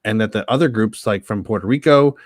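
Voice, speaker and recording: A man's voice: fairly low pitch, brisk, dry recording, clean studio sound. A man chatting casually as a panel guest, laughing often and restarting his sentences. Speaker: panel guest, copy editor. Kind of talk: casual chat.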